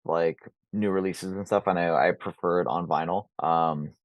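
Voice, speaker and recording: A man's voice: low voice, fairly even intonation, normal speed, no echo, highs cut off. A man who plays in a metal band, answering interview questions in a laid-back, hesitant way with many fillers. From New York. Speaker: metal drummer and vocalist, guest. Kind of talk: casual interview chat. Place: apartment.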